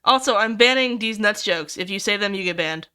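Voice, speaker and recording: A young adult woman streamer chatting casually with viewers, excitable, swearing freely and squealing over cute things. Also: medium pitch, fairly quick, clear, resonant tone. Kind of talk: casual livestream chat with viewers.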